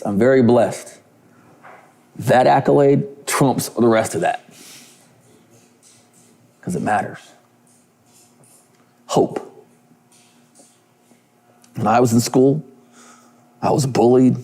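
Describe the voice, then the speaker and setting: A man telling a heartfelt story to a conference audience on stage, animated and quoting the people in it. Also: mid-range voice. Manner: emotional, animated storytelling with quoted dialogue. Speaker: conference speaker.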